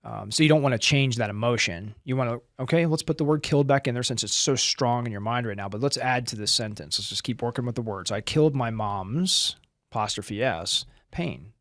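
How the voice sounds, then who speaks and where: A man's voice: mid-range voice, brisk, a bit bright, no room sound, clean studio sound. A middle-aged man from the United States, a former Marine and trainer, talking bluntly and intensely in a casual interview, swearing and acting out dialogue as he tells stories. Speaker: podcast guest, former Marine and firearms trainer.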